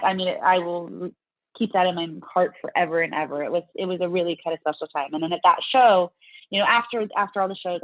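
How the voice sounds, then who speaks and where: Her voice sits on the low side, and there's no room sound around it. This middle-aged Louisiana woman is a fitness competitor guesting on a casual interview, chatting away and quoting her own past reactions as if reliving them. The audio is dry and thin, much like a phone call.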